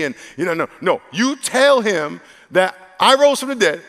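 A male pastor with a high-pitched, slightly bright voice speaks at a moderate pace and with plenty of animation. His conversational, funny sermon to a live congregation features frequent impressions of the people in his story, recorded amid the long echo of a large church hall.

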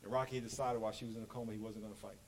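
A man preaching a sermon as pastor, animated and joking, acting out quotes. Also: fairly low pitch, racing, slight background noise, poor audio.

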